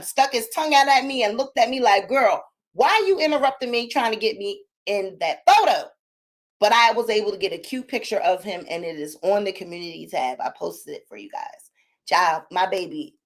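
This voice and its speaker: A woman hosts her own channel in loose, casual chat. Her voice is loud and sits high, and she talks in an animated, sassy way, addressing viewers directly and fussing over her dog. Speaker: channel host.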